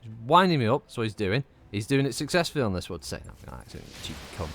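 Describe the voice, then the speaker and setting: A man's voice: medium pitch, big pitch swings, rapid-fire, fairly bright tone, a little hiss or hum. A man from Northwest England with a Northwest English accent, giving rambling, sweary banter as he streams and commentates on a game. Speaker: gaming streamer. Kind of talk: casual gameplay commentary.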